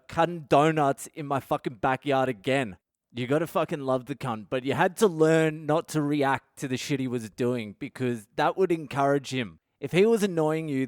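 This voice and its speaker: Aussie guy in his 30s spinning a sweary yarn, smooth clear voice, dry close sound. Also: medium pitch, no room sound. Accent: Australian. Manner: crude, swearing, animated storytelling. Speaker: podcast host. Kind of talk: storytelling monologue.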